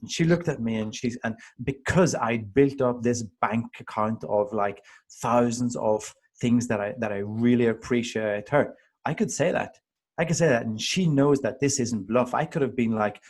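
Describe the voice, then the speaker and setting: A man in his thirties, a father of two daughters, telling personal stories in casual conversation in an earnest, animated way. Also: mid-range voice, fairly quick.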